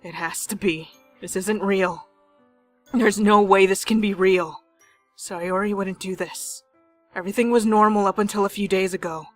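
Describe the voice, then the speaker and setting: A woman's voice: medium pitch, fairly even intonation, moderate pace, faint music behind. A young woman reading a visual novel aloud as a game streamer, with dramatic, jokey and panicky reactions.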